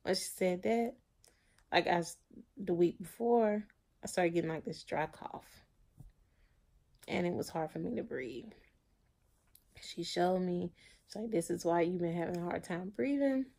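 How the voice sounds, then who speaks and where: A woman in her thirties recording a personal video diary, speaking slowly and haltingly. Her voice is mellow and dark, with a gravelly roughness running under it, and she often repeats herself as she talks. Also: on the low side. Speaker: vlogger.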